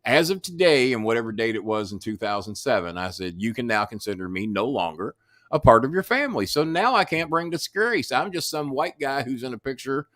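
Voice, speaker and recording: A man's voice: medium pitch, very animated, brisk, a bit bright, dry recording, clean studio sound. An older man from the Southern United States, a guest telling stories in a blunt, profane, casual way. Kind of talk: casual storytelling chat.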